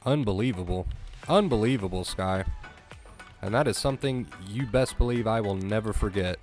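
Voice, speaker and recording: A man's voice: fairly low pitch, normal speed, long pauses, a little mellow, soft background music. A man streaming live, chatting casually and thanking viewers with effusive emotion, his voice breaking at times. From US East Coast.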